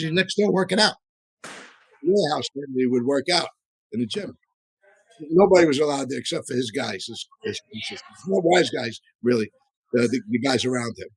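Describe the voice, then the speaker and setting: Husky man, dry close sound, rambling storyteller with restarts, casual and profane. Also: medium pitch, no room sound, rough recording. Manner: rambling, frequent restarts and asides. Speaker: podcast co-host and storyteller. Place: live audience show.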